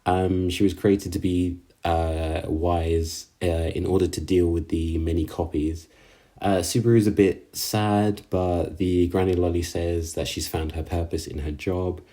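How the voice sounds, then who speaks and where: A man casually recapping an anime episode, halting with lots of fillers and slangy asides. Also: low-pitched, flat delivery, mellow. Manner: halting, filler-heavy, slangy, laughs at own jokes.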